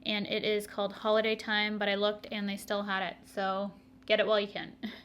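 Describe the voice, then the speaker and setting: A woman's voice: medium pitch, completely flat delivery, fairly quick, fairly bright tone, a little hiss or hum. A young woman, chatting to viewers through a makeup tutorial, laughing often and making asides. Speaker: beauty vlogger.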